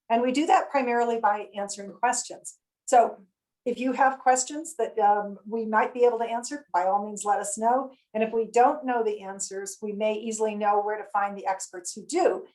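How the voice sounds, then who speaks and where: A woman with a somewhat high voice hosts an online panel, introducing guests in a friendly, chatty manner. She fills her sentences with ums and uhs as she moderates over a video call microphone. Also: poor audio. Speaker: webinar host and moderator.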